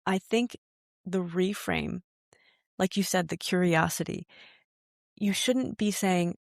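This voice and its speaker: A woman's voice: lowish voice, takes it slowly, vocal fry, long pauses, no room sound, studio quality. A woman hosting a podcast who speaks in an earnest, reflective way and quotes her own thoughts in casual chat. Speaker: podcast host.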